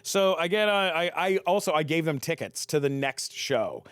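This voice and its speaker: A man's voice: on the high side, animated, normal speed, fairly bright tone, smooth, dry recording. A man telling a long story as a podcast guest, with frequent stammered restarts and a cursing punchline delivery. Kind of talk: animated storytelling.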